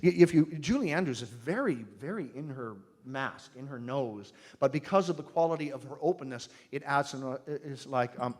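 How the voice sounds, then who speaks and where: A man teaching singing to a live audience in a humorous, animated way, demonstrating sounds with his own voice. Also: medium pitch, a little fast, few pauses. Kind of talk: live workshop talk.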